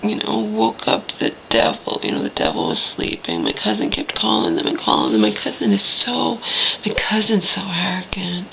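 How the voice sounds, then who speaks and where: A woman's voice: mid-range voice, wildly swooping pitch, normal speed, creaky, muffled recording, a little hiss or hum. A woman ranting to her viewers in an indignant, mocking way, swearing and talking straight to the people watching. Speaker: vlogger. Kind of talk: angry personal rant to camera.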